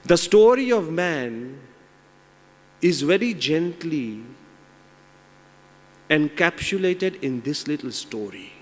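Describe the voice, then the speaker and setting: A monk giving an inspirational moral talk, animated as he tells a fable. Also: a little high, slow, pauses often. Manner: animated storyteller. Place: large seminar hall. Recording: long reverb in large hall.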